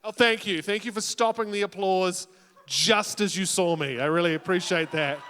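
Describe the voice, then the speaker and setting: Bright, high New Zealand man hosting on stage. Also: normal speed, slight background noise. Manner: dry, self-mocking jokes, teasing the audience. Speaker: talent show host. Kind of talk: stand-up crowd work hosting. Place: college auditorium stage. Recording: reverberant hall on a PA mic.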